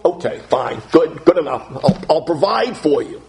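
Preacher doing god being all okay fine, i'll provide, then telling them what to do. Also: male voice, on the high side, sing-song, normal speed, gravelly, darkish tone. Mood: reassuring. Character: patient, provident male deity giving orders.

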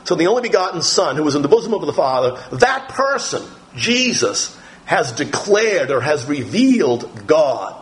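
A middle-aged man preaches a sermon, walking his listeners through scripture. His voice sits a little high, and his delivery is slow and deliberate, full of pauses and small fillers. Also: big pitch swings, rough recording. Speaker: pastor.

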